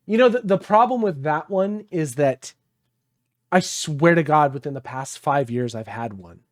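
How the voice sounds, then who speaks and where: A man's voice: fairly high pitch, animated, moderate pace, no echo, studio quality. A young man co-hosting a gaming podcast in casual chat, telling stories animatedly, swearing freely and acting out quoted people. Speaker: podcast co-host.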